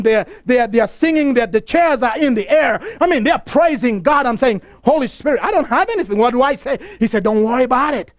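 A very high-pitched man's voice, free of echo, delivers a broadcast sermon. He preaches with passion, telling stories and repeating key phrases.

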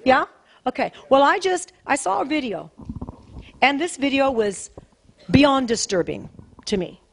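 A woman pastor delivers a sermon to her congregation in a notably high voice. She talks in an easy, conversational way but leans hard on each point, repeating key phrases again and again. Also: big pitch swings, unhurried, vocal fry, slight background noise. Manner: emphatic and repetitive, conversational preaching.

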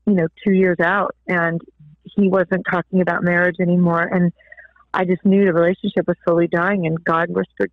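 A woman's voice: lowish voice, little pitch movement, normal speed, dry recording. A woman tells her story of faith in an earnest, heartfelt way, her voice rising with feeling. The sound is thin and narrow, like a telephone call, with no room around it. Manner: earnest, tearful at times. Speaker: guest author. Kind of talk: emotional personal testimony. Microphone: phone line. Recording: tinny phone line.

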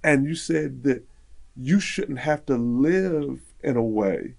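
A man's voice: medium pitch, takes it slowly, creaky. A man telling a personal story in casual conversation, acting out the voices of people in it. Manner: animated, acts out quoted dialogue.

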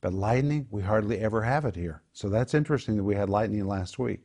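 A man's voice: lowish voice, fast, mellow. A man teaching the Bible in a home group discussion, explaining Greek words and repeating key phrases for emphasis.

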